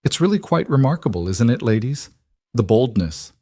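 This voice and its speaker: A man's voice: mid-range voice, sing-song, moderate pace, a little mellow, dry recording. A man voicing a cruel, snobbish society woman in a frontier town, haughty and mocking.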